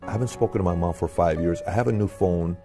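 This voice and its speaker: A man's voice: low voice, fast talker. A man telling a personal story with feeling. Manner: emotional, animated retelling. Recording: speech over music.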